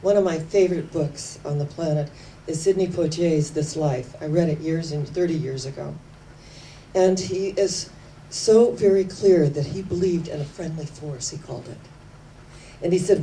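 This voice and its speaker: A woman giving an inspirational sermon, telling stories with slow, emphatic phrasing that sometimes sinks to hushed tones. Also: low voice. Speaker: spiritual speaker. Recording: distant mic with faint background noise.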